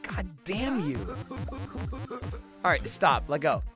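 A man playing a video game with a friend, shouting and swearing in exasperation. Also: fairly high pitch, huge pitch swings, takes it slowly, music in the background. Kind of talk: loud gaming banter.

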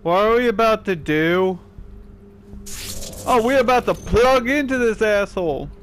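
A man playing a horror video game and commenting on it, with loud exclamations and a lot of swearing. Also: high voice, expressive, unhurried, soft background music. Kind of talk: let's play commentary.

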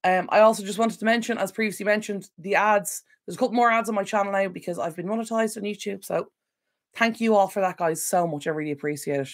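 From a home room at her computer, a woman with a mid-range voice and quick pace hosts a casual livestream Q&A for her decluttering channel over a desk microphone. Recovering from illness, she rambles, keeps apologizing and is easily sidetracked.

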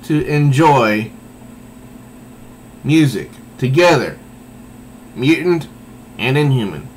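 Male comic reviewer, unhurried and rambling, mid-pitched, with a faint hum of air conditioning behind him. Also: big pitch swings, rough recording. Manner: meandering, thinking aloud. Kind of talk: casual spoken review.

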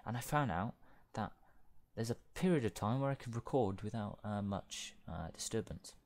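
A man with a deep, low voice talks through a video game playthrough. He rambles and drifts between topics in a laid-back way. He swears freely as he plays. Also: expressive, moderate pace, a little mellow. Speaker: let's play gamer. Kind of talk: gaming commentary.

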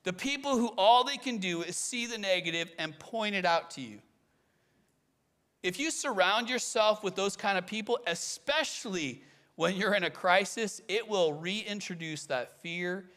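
Male pastor, animated preacher, high and bright tone. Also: moderate pace. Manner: animated preaching, acts out quoted voices. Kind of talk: sermon.

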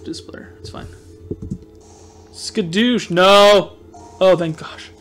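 Excitable high-voiced man doing game commentary. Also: normal speed, soft background music. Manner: excitable, loud outbursts of frustration. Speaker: gameplay commentator. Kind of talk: let's play commentary.

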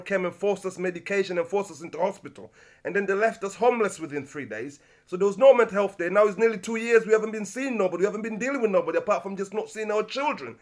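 A man calling a council office, agitated and repetitive, addressing the listener as "my love". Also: sits high. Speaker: caller complaining to council services. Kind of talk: phone call.

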